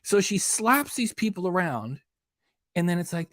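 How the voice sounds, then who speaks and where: A man's voice: high voice, sing-song, normal speed, dry recording, studio quality. A man hosting a reaction channel, ranting in an indignant, emphatic way and hammering home his points. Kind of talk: casual commentary rant.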